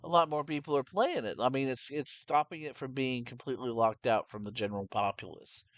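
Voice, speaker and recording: A young man chats casually about games, animated and rambling, restarting his sentences as he goes. His voice sits in a middle register. The sound is dry and close. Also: medium pitch, a little fast, no room sound. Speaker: podcast co-host. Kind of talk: casual gaming chat.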